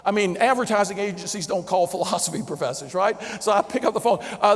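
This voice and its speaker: A man with a Southern drawl delivers a lively storytelling keynote and chuckles at his own anecdotes. His voice sits high for a man. The long reverb of a huge convention hall trails after each phrase. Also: fast talker, hardly any pauses. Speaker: motivational keynote speaker. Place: large convention center hall before a big audience.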